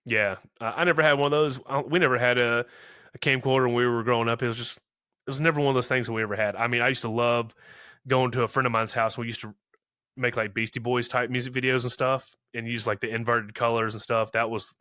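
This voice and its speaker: Bright-voiced man recapping a movie. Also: mid-range voice, fairly even intonation, quick pace, clean tone, no room sound, clean studio sound. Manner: rambling, many "you know" fillers, acts out quotes. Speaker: podcast co-host. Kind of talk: casual movie recap chat.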